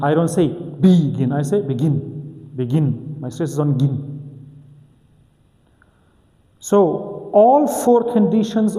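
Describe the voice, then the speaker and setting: A man's voice: a little high, dark tone, in a large hall. A man teaching an English grammar lesson, methodically repeating key points and asking and answering his own questions.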